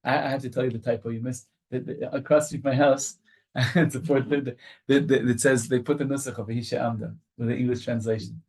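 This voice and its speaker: A male rabbi teaching a Torah study group. He reads Hebrew lines aloud and then translates them into English, telling the story with lively repetition and frequent restarts. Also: mid-range voice, fairly quick, breathy edge.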